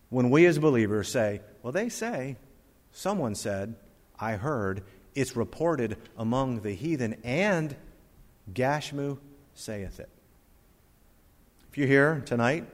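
Emphatic preaching man in an echoing church. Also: medium pitch. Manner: emphatic preaching with a closing prayer. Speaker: pastor. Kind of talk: sermon. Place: church sanctuary. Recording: long reverb of a church hall.

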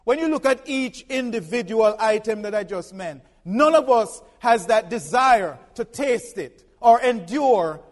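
A man preaching a sermon from the pulpit, folksy and humorous, swinging from soft asides to loud emphatic lines. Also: extremely high pitch, long reverb tail. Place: church pulpit.

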